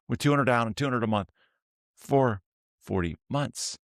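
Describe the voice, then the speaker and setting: A man's voice: medium pitch, moderate pace, vocal fry, long pauses, no echo, clean studio sound. A middle-aged man hosting a land sales show, reading prices and property numbers with chatty, joking asides. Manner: chatty, jokey storytelling between listings. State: tired. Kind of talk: casual sales pitch.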